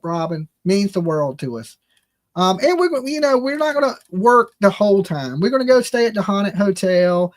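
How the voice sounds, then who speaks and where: A middle-aged man hosting a casual livestream, blunt and opinionated, talking straight to his chat. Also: high voice. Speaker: true crime livestream host.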